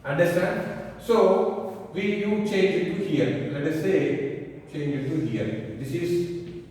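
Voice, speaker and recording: A man with an Indian English accent teaches physics at an unhurried pace, often pausing to ask if students understand. His fairly high voice is heard from a distance in a large, echoing room. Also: a little mellow, slight background noise. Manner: slow, repeats checking questions like "clear?" and "understand?". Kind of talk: online class lecture. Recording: echoey hall, voice far from mic.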